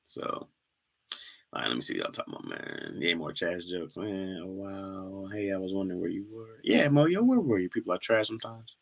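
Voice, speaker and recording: Animated man chatting on a livestream. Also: deep voice, brisk, creaky. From Michigan. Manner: animated, laughs often, slangy and loose. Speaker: livestream host. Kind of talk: casual livestream chat reading comments.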